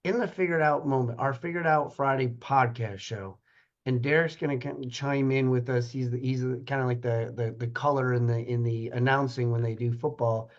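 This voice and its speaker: A man's voice: mid-range voice, steady tone, moderate pace, highs cut off. A man hosting a podcast, asking a guest questions in a rambling, casual way while searching for words. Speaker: podcast host.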